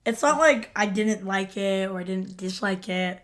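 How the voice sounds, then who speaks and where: A woman's voice: medium pitch, normal speed. A woman co-hosting a podcast in casual chat, hesitant and rambling. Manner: hesitant, rambling, many fillers. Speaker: podcast co-host.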